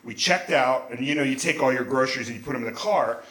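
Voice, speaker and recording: A man telling a profane, animated comic story live on a small theater stage into a stage mic, rambling with restarts. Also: medium pitch, quick pace. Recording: echoey theater room.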